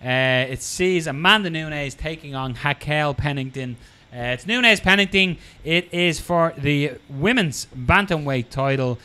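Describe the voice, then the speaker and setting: A man hosting a casual sports podcast, laughing easily and firing off quick questions. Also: on the high side, sharp tone, clean tone. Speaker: podcast host.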